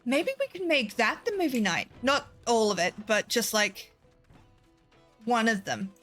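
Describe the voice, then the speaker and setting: A woman's voice: a little high, sing-song, measured pace, a bit bright, faint music behind. A woman streaming a game, chatting casually, swearing freely and laughing often. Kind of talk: casual gameplay chat.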